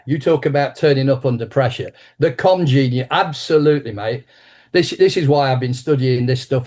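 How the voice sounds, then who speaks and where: A man in his sixties, a martial arts teacher being interviewed, tells a story with animated energy. His voice sits at a middle pitch, and he often restarts and repeats his words as he goes.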